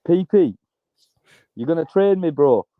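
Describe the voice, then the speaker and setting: A man's voice: a little high, animated, unhurried, dry recording. A man calling in to a live fight stream, teasing and mocking in casual banter and swearing often. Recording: tinny phone line, dry.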